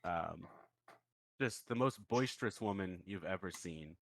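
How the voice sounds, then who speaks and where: A man running a tabletop game as game master, telling the story in a relaxed, easygoing way. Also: low voice, measured pace, gravelly, no room sound.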